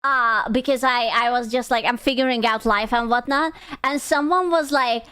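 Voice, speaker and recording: High-voiced woman ranting on stream. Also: moderate pace, sharp tone, smooth. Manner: blunt, profane, ranting. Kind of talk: casual livestream chat.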